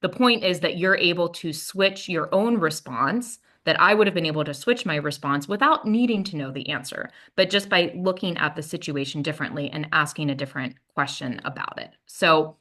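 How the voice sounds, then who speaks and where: A woman's voice: low-pitched, moderate pace, few pauses, bright, forceful tone. A woman presenting a training workshop, telling a personal story in a conversational way and acting out what she said to her baby.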